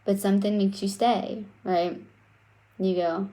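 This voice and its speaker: Self-worth is the theme of this woman's casual, conversational teaching talk, where she often finishes points with "right?" and swears from time to time. Her mellow, mid-range voice keeps fairly even intonation at a measured pace.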